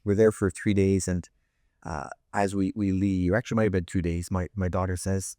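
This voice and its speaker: A man's voice: sits low, level tone, moderate pace, mellow, no echo, clean studio sound. A middle-aged man hosting an interview, telling a family story with many restarts and acted-out voices. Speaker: host.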